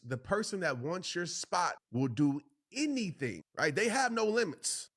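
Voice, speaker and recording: A man's voice: a little high, gravelly. A man hosting a motivational podcast, preaching to listeners in an emphatic voice and repeating phrases for stress. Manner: addresses listeners directly as "y'all" and "bro". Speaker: podcast host and motivational speaker.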